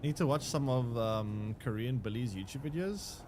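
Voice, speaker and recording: A man's voice: medium pitch, normal speed, noisy background. A young man, chatting casually with his live chat while playing a game, rambling with restarts and fillers. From South Africa. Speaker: streamer.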